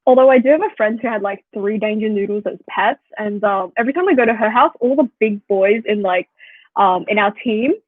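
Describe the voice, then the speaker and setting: A woman's voice: medium pitch, a little fast, no room sound. A young Australian woman in her twenties, chatting casually to viewers and telling stories, with lots of "like" fillers. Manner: chatty, fillers of "like", animated storytelling. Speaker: vlogger. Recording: tinny phone-like sound, dry.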